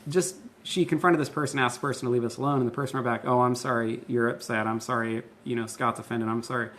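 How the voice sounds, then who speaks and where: A man's voice: medium pitch, steady tone, fast, fairly bright tone, a little hiss or hum. A man in his thirties, a pastor and host, explaining things in a casual, candid and earnest way. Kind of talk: casual conversational teaching.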